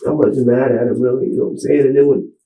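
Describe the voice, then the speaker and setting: A man's voice: medium pitch, flat delivery, warm tone. Rambling man in an echoey interview room. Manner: rambling, halting, restarts with "you know what I'm saying". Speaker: suspect being interviewed by detectives. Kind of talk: recorded police interview.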